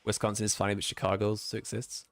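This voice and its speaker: A man's voice: on the low side, monotone, rapid-fire, a bit bright, dry recording. A British man with a British English accent, chatting casually on a live stream while sim racing, reading chat aloud and laughing easily. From Britain.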